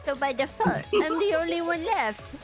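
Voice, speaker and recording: A woman voicing a gruff, possessive male bear headmaster who scolds and bosses people around in a petty, comic way. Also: very high-pitched, lively intonation, moderate pace, over loud music. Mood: bossy. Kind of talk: live fan dub banter.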